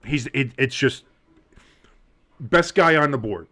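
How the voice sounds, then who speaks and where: A man with a New Jersey accent co-hosting a live sports show, talking in a rambling, excitable way with many restarts. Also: medium pitch, takes it slowly. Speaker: sports podcast co-host. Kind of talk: casual live draft chat.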